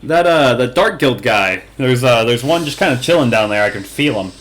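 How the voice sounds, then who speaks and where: A man's voice: mid-range voice, lively intonation, moderate pace, a bit bright, pitched below the performer's own voice, natural voice. A man voicing an easygoing male wood-magic wizard in a tabletop game, with a loose, casual delivery.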